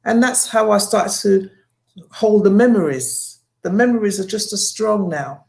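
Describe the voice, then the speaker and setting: Middle-aged woman, gravelly voice, talking slow and heartfelt on a panel show. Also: mid-range voice, a little mellow. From Jamaican family. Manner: heartfelt, reflective, laughs between thoughts. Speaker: co-host. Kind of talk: candid panel chat.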